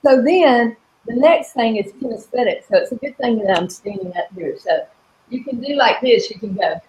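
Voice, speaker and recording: A middle-aged woman coaching an online audience, her voice sitting a bit high. She talks earnestly and explains each step of an affirmation exercise. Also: moderate pace, a little mellow, a little hiss or hum, low-quality recording. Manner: earnest, repeats affirmations with shifting emphasis. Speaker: coach and host. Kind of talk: live coaching webinar talk.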